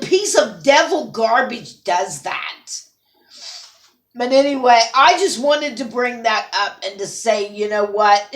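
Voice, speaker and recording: Echoey, scolding higher-pitched woman. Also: lively intonation, slow. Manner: angry, scolding, tearful at times. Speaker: vlogger. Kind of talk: emotional rant to camera. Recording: roomy echo.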